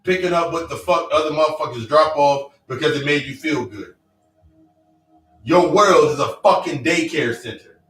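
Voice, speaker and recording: A man's voice: fairly high pitch, normal speed, a bit bright. Blunt, profane man preaching in an echoey room. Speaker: self-help speaker. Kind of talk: motivational monologue. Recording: echoey room, distant mic, faint music.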